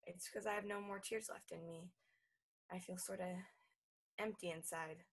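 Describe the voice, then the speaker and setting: An actress playing a childlike grown woman who pleads with her stern mother in an earnest, halting way. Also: fairly low pitch, steady tone, husky. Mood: subdued. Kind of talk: stage drama acting.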